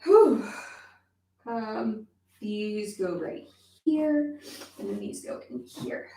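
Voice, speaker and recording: A woman's voice: fairly high pitch, animated, drawn-out words, dark tone, roomy sound. A young woman chatting casually to viewers on a livestream, with lots of fillers and offhand swearing. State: pregnant. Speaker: YouTuber.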